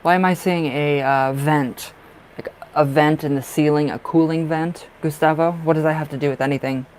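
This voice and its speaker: A man's voice: on the high side, fairly even intonation, normal speed, slight background noise, low-quality recording. A man hosting a live tarot reading stream, chatting casually and expressively with viewers and laughing often.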